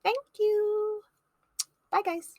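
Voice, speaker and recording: A young woman hosting a let's play, reading a story game aloud and reacting to it in a chatty, expressive way. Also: very high voice, drawn-out words, no echo. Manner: chatty, expressive, laughs often. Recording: voice over background music.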